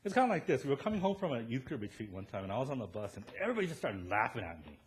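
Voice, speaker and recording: A male pastor preaching a sermon in a church, telling self-deprecating stories and often checking in with "right?" before rising to loud emphatic points. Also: medium pitch, rapid-fire. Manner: animated storytelling, rising to loud emphatic peaks, tag questions "right?".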